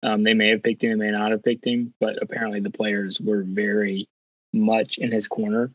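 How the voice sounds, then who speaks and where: A man's voice: fairly low pitch, flat delivery, normal speed, no echo, dull audio. A man co-hosting a casual sports podcast with dry, wry remarks.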